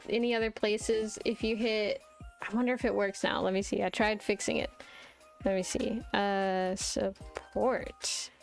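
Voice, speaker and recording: A young woman streaming, chatting casually and giggling often as she rambles with self-deprecating restarts. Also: medium pitch. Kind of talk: casual live-stream chat while drawing.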